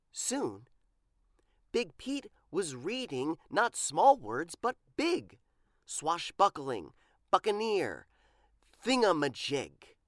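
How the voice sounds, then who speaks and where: A woman reading a children's picture book aloud with an animated, expressive storytelling manner. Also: lowish voice, no echo, clean studio sound.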